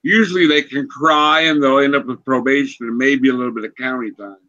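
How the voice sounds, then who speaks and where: A man's voice: mid-range voice, steady tone, fairly quick, bright, forceful tone, lo-fi sound. A man hosting a casual podcast chat, telling loose, profane stories with lots of fillers. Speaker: podcast host.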